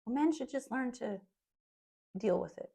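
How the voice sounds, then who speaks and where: A woman co-hosts a podcast with her husband, speaking frankly and matter-of-factly in casual chat and throwing in emphatic rhetorical questions. Her fairly high voice is animated and moderately paced, creaky and mellow with a slight roughness.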